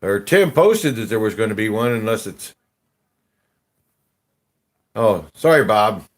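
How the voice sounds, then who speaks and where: A man hosting a casual gold panning chat, rambling in a slow, folksy drawl with slangy grammar, laughing often while drinking beer. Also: on the low side, very animated. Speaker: gold panning channel host.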